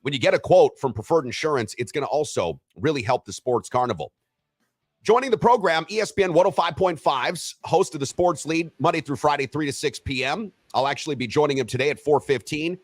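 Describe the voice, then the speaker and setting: A lively man hosting sports radio, his pitch jumping around as he teases and rants. He sits a little high for a man's voice and sounds close and dry on the mic. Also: a little fast, no echo. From Western Wisconsin. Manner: animated, teasing, lively delivery. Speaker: co-host of a sports radio show. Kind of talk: casual sports talk radio.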